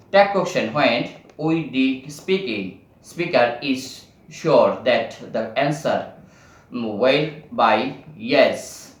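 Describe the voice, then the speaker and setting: Male lecturer, slow and halting, reading notes with frequent restarts, echoey room. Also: medium pitch, animated, distant mic, lo-fi sound. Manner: halting, many restarts and pauses.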